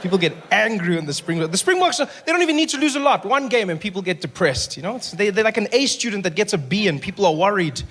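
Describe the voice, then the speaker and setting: A man with a South African accent performing an animated stand-up comedy set at a live venue, often slipping into character voices. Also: high voice, fast talker, hardly any pauses. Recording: noisy live room recording, some echo.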